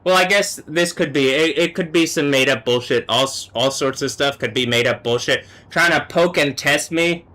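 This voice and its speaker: A man on a live stream, talking alone in an agitated, profane rant that swings between low muttering and yelling. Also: normal speed, hardly any pauses. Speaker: livestreamer.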